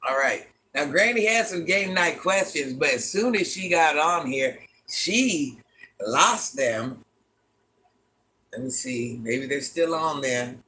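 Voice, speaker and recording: A man's voice: a little high, animated, takes it slowly, bright, forceful tone. A man hosting a casual livestream in a granny persona, chatty and dramatic, greeting viewers by name and repeating lines for effect. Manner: chatty, dramatic, calls viewers "child" and "honey bun".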